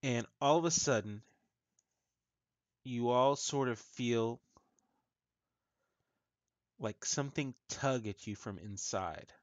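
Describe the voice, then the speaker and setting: Male game master, slow deliberate narration, dull lo-fi sound. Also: mid-range voice, no echo. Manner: slow, halting narration with fillers. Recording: muffled lo-fi audio.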